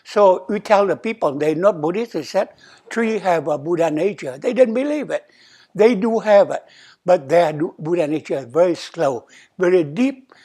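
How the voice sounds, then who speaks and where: A man's voice: high voice, normal speed, mellow. An older man, an abbot, giving a sermon at a temple in simple English, often checking in with "okay?" and acting out quoted dialogue. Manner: non-native English, simple repetitive phrasing, asks "okay?"; acts out quoted dialogue with rising emphasis. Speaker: abbot giving a dharma talk. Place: temple hall.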